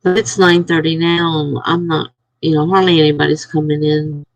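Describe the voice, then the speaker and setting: A woman's voice: deep voice, flat delivery, moderate pace, no echo, low-quality recording. A woman chatting casually on a live stream, telling a rambling story to her viewers and sounding tired.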